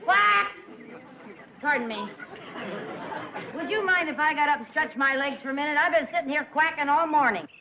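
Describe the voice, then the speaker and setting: High-voiced comic woman. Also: fast, hardly any pauses, some chatter behind, a little hiss or hum. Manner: comic, breaks into loud duck quacks. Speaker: sitcom lead. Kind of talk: 1960s sitcom acting. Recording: dull old TV soundtrack with loud audience laughter.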